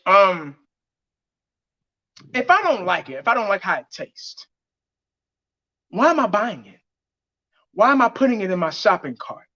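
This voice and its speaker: A man's voice: high-pitched, very animated, unhurried, long pauses, pushed and bright. A man giving blunt, heated fan commentary on his vlog, laughing mockingly as he rants. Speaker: fan vlogger. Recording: dull lo-fi audio.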